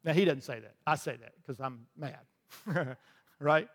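A pastor preaching a lively sermon in a church, with rhetorical questions, asides and small laughs. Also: male voice, a little high, unhurried. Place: church sanctuary. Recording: long hall reverb.

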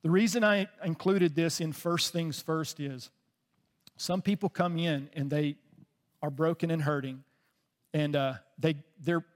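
A man preaching a sermon as pastor, telling a story with deep feeling and often dropping to a soft voice. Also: big-room sound. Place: church sanctuary.

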